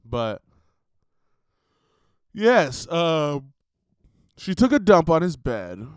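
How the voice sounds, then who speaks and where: A man's voice: a little high, sing-song, drawn-out words, clean tone, no echo, studio quality. A young man hosting a podcast, rambling in a casual monologue full of fillers and laughter. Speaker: podcast host. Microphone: computer recording setup.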